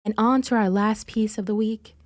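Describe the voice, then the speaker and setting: A woman hosting a podcast, presenting a vocal exercise in a clear, instructive way. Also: mid-range voice, steady tone, normal speed, dry recording, clean studio sound. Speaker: podcast host. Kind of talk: scripted presenting.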